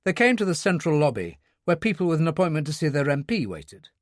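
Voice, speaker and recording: A man narrating a thriller audiobook in a measured, descriptive reading. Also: fairly high pitch, big pitch swings, no room sound, studio quality. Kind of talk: scripted narration.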